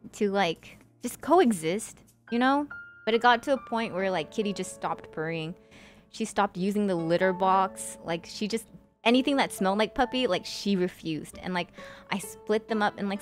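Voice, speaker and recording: A woman's voice: mid-range voice, normal speed, soft background music. A young woman streamer chatting casually with her viewers and telling a sad personal story, with lots of "like" fillers. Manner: chatty, many fillers like "like", emotional.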